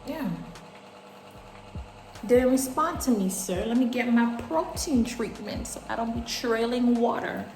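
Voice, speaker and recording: A young woman vlogger chatting casually while washing her hair, animated, laughing often and swearing freely. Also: on the high side, a little slow. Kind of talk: casual chat. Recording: echoey room with faint music.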